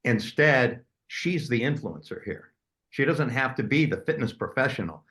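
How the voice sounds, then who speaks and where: A man's voice: medium pitch, expressive, normal speed, fairly bright tone. A man on a casual talk-show panel over a video call. He offers his opinions in a conversational way, often starting with "I think.".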